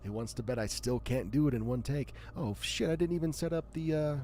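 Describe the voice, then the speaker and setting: A man with a smooth, buttery voice hosting a live stream, chatting casually and self-deprecatingly between reading short horror stories aloud. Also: mid-range voice, fairly quick, slight background noise. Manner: self-deprecating, joking, animated.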